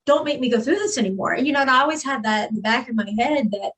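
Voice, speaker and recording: A woman's voice: high voice, very fast, fairly bright tone, poor audio. A woman giving a candid, earnest personal testimony as a guest in an interview, with frequent fillers.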